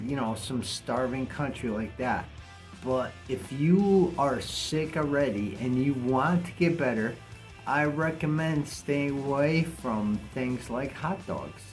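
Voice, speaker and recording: A man's voice: mid-range voice, a little mellow. A man talking bluntly and casually to camera in a vlog, cursing now and then. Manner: blunt, plainspoken, swears casually. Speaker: vlogger.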